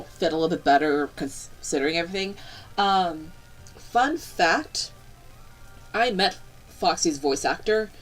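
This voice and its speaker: A young woman chatting casually on a live stream, rambling and bubbly, breaking into excited squeals. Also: on the low side, rough recording.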